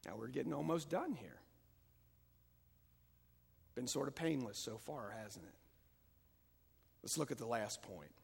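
A man preaching a sermon as pastor, moving between calm teaching and loud, fervent passages. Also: medium pitch, measured pace, gravelly, long pauses, slightly rough. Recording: long hall reverb.

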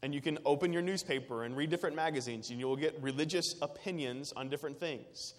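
A man's voice: a little high, fast. Earnest preacher man in a reverberant hall. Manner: earnest, emphatic, repetitive phrasing. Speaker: pastor. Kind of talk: sermon.

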